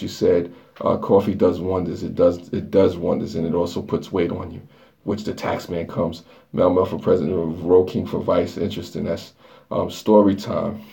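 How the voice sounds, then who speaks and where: In a dark bathroom lit by a flashlight, a man with a low, gravelly, dark voice live streams to viewers. He chats loosely, joking and rambling while reading their comments aloud.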